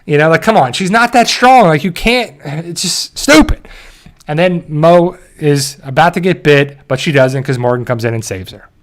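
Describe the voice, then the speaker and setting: A man's voice: fairly high pitch, expressive, normal speed. A man hosting a show, animatedly recapping a TV episode in casual talk and briefly mimicking the characters. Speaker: show host.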